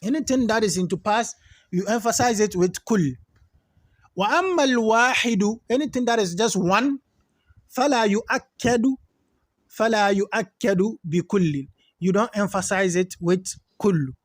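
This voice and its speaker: High-voiced man teaching grammar. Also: no room sound, clean studio sound. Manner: explains Arabic terms in English, repeats examples slowly. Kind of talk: classroom lesson.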